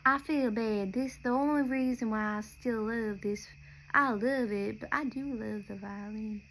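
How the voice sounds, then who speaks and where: A young woman from Nashville, Tennessee, with a slightly high voice, hosts a podcast, heard in a low-quality recording with slight background noise. Her monologue is chatty and meandering, and she often interrupts herself, breaking off mid-sentence and starting again.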